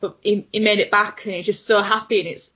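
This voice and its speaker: A young woman co-hosting a casual fan podcast, quick and enthusiastic. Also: medium pitch, fairly even intonation, sharp tone, slightly rough. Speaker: podcast co-host. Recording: dull lo-fi sound.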